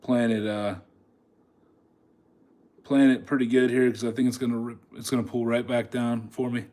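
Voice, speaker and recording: A man talks through his trades as they happen, in a relaxed voice of medium pitch. He chats at the chart on the screen and laughs now and then. It sounds like a phone held in his hand. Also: moderate pace. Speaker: day trader streaming live trades. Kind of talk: casual live trading commentary.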